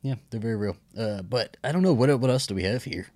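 A man's voice: mid-range voice, expressive, fast, a little mellow, no room sound, studio quality. A man co-hosting a podcast, chatting casually about a TV series in a laid-back, joking way. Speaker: podcast co-host.

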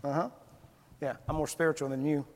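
A man's voice: fairly high pitch, level tone, brisk, big-room sound, natural voice. A preacher putting on a smug, boastful man who brags to his friends in a teasing drawl.

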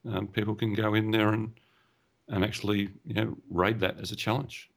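A man's voice: lowish voice, flat delivery, moderate pace, creaky. A man, co-hosting a casual gaming podcast, rambling and hesitant with many fillers. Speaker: podcast co-host.

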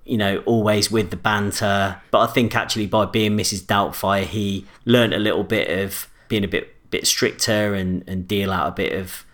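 A man's voice: fairly low pitch, fairly even intonation, normal speed, few pauses, fairly bright tone. A man co-hosting a casual film review chat, often restarting and repeating words as he thinks. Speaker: podcast co-host.

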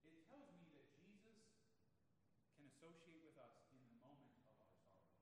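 A man's voice: fairly high pitch, big pitch swings, normal speed, background noise. A male pastor giving an expository sermon in a conversational way, asking the congregation rhetorical questions. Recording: long reverb of a large room.

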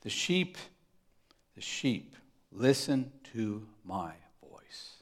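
A man preaching a sermon, swinging between loud emphatic punches and hushed, near-whispered asides. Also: fairly low pitch, big pitch swings, extremely slow. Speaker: pastor.

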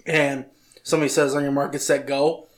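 A man's voice: medium pitch, level tone, a little fast. A man co-hosting a casual podcast, mostly giving short replies and now and then telling a brief story. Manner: laid-back listener, short replies, brief anecdotes. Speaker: podcast co-host. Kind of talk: casual chat.

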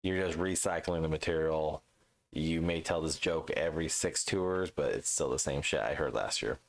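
This man in his thirties has a bass voice and talks at a moderate pace. Co-hosting a podcast, he chats casually and rants, swearing freely and performing the voices of people he quotes.

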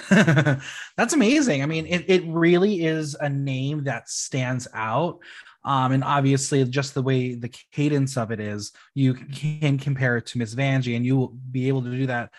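Encouraging interview host, mid-pitched. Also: moderate pace. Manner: warm affirming interjections, asks questions. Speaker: podcast host. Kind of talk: casual interview.

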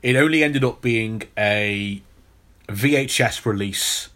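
A man's voice: fairly low pitch, slow pace, pushed and bright. A man hosting a podcast, telling a long story in casual chat with many restarts. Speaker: podcast host.

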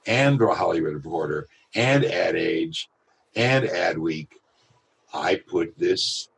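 Man, voiceover artist, husky, lowish pitch, animated anecdotes, interview guest. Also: low-quality recording. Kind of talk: storytelling in an interview.

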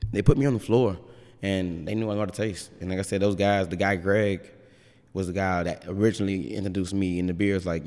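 A man's voice: low-pitched, a little mellow, big-room sound. A man brewer chatting casually in an interview, rambling and frank, swearing freely.

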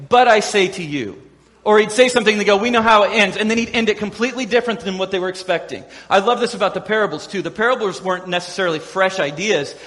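A man preaching a sermon as a pastor, animated and playful, acting out quoted voices with humor. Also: sits high, long reverb tail.

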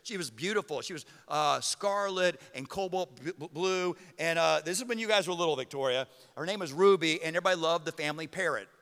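A middle-aged man preaching a sermon as pastor, telling a story with animated outbursts. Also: a little high, a little fast, few pauses. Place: church auditorium. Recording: reverberant hall with music.

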